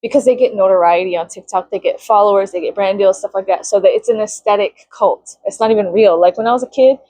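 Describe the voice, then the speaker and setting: A woman in her thirties ranting casually to camera, profane and sarcastic, sometimes pitching up into high mocking tones. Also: fast, dark tone, no room sound, low-quality recording. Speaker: vlogger. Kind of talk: casual venting rant to camera.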